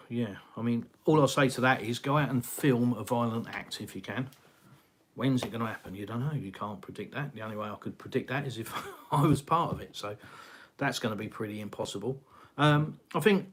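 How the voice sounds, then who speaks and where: Middle-aged English man, live-stream host; chatty, meandering, lots of fillers. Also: medium pitch. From England. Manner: rambling, conversational, frequent fillers and sighs. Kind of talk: casual live chat reading viewer comments. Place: home, in Russia.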